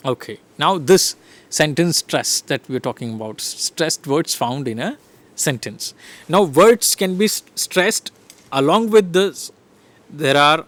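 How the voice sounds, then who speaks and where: A middle-aged man gives a recorded lecture, explaining slide by slide and checking in with "right?" and "fine". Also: on the high side. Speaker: English lecturer.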